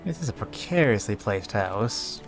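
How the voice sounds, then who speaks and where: A man's voice: lowish voice, lively intonation, a little slow, faint music behind. A man streaming a game, chatting to his viewers in a sarcastic, joking way. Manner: sarcastic, joking, talks to chat. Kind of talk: casual game commentary.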